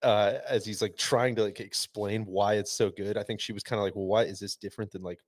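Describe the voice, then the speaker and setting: A man co-hosting a podcast in casual chat, enthusiastic and quick to laugh. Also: on the low side, fairly even intonation, dry recording. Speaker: podcast co-host.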